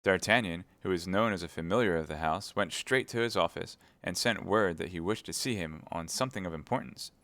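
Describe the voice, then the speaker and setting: A man reading a classic novel aloud on a live stream, steady narration with chatty asides to viewers. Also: low-pitched, brisk, few pauses, no echo.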